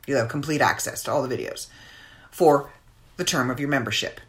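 A woman's voice: extremely low pitch, a little fast. A woman hosting her own podcast in casual, rambling chat, with many fillers. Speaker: podcast host.

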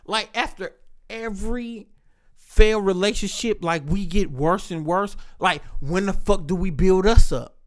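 High-voiced man, candid podcast host. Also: measured pace. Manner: candid, profane, reflective storytelling. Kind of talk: casual podcast chat.

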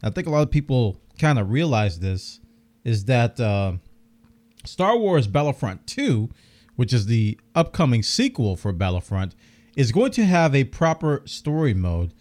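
A man's voice: mid-range voice, very animated, unhurried, a little mellow. A man hosting a gaming news podcast, chatting casually and enthusiastically while reading out details, his voice a bit worn. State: losing his voice, coughing.

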